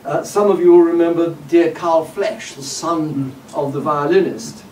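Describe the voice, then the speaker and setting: A man giving a public lecture in a hall, measured and discursive, with frequent "uh" and "um" and occasional wry asides. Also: fairly high pitch, a little mellow. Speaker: guest lecturer. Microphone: distant room mic. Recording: roomy hall audio from a distance with faint background noise.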